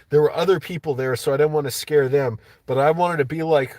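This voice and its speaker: A man's voice: fairly high pitch, steady tone, a little fast, few pauses, darkish tone, dry recording. A man hosting a livestream, ranting casually and angrily with lots of swearing. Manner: profane, agitated ranting. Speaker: livestream host.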